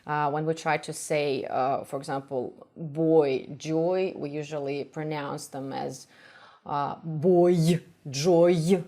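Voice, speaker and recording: Slow-spoken Russian woman teaching pronunciation. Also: deep voice, fairly even intonation, a little mellow. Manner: explains slowly with many uh fillers, repeats sounds to demonstrate. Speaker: language teacher. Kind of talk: reaction video with pronunciation lesson.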